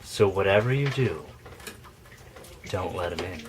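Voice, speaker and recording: A man talks through a list of horror villains in a loose, jokey way. His pitch swings up and down as he cracks profane asides and cuts himself off. There is a steady hiss of background noise across the recording. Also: unhurried. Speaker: YouTuber ranking horror villains. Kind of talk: casual comedic list commentary. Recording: noisy home recording.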